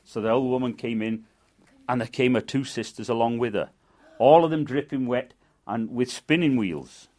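An older man with a Manchester accent telling a folk tale in a lively, dramatic way. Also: medium pitch, moderate pace. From England. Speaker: storyteller and guide. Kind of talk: folk storytelling.

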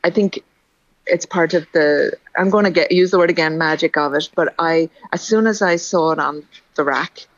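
A woman's voice: deep voice, normal speed, no echo, dull audio. A woman guest talking effusively in a casual radio interview, repeating her words as she gushes. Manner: effusive, bubbly, repeats herself.

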